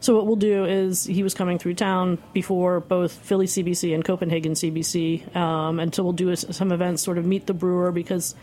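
A woman guest in a radio studio, talking casually with many pauses and restarts. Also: on the low side, dark tone, slight background noise. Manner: hesitant, lots of ums and restarts. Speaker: beer importer guest.

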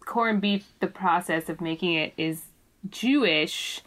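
A woman's voice: fairly low pitch, slow pace, a bit bright, low-quality recording. A woman co-hosting a podcast, chatting casually and rambling with fillers and laughs. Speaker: podcast co-host. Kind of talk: casual chat.

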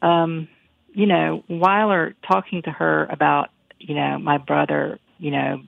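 Woman, 50s, Southern-raised author guest; gravelly, halting, reflective; dry, phone-like audio. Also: sits low, flat delivery, no echo. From American South. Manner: reflective, halting, many restarts and fillers. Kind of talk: casual interview conversation. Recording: tinny phone-like line, dry.

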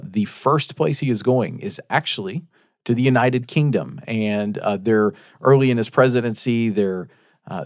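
Low-voiced man hosting a news chat. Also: a little mellow, dry recording, clean studio sound. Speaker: news show host. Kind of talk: casual news chat, reading stories aloud.

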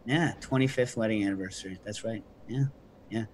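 A middle-aged man hosting a podcast, telling stories in a casual, animated way and breaking into loud shouted impressions. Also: on the low side, a little fast, a little hiss or hum. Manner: animated storytelling, mimics loud New York shouts. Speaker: podcast host. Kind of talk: casual chat.

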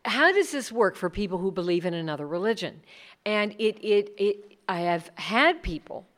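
A woman's voice: mid-range voice, big pitch swings, moderate pace. A middle-aged woman speaking earnestly to a group about leading Bible studies, acting out the people she quotes. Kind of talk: talk with audience questions.

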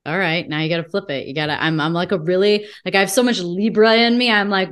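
A woman's voice: lowish voice, fast, hardly any pauses. A woman hosting a podcast in casual conversation, asking long questions and musing aloud. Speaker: host.

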